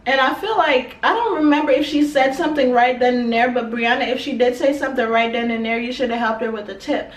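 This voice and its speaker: A woman's voice: a little high, fast, few pauses, recorded from a distance. A woman hosting a reality TV reaction video, chatting with viewers in an exasperated, gossipy way. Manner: chatty, exasperated, keeps addressing viewers as y'all. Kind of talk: casual reality TV reaction commentary. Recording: echoey room, voice off-mic.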